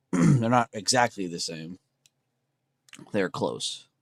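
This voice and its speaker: A man's voice: on the low side, takes it slowly, creaky, no room sound. A young man hosting a trading livestream, chatting casually and slangily with his viewers. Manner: relaxed, slangy, talks to chat with "bro" and "dude".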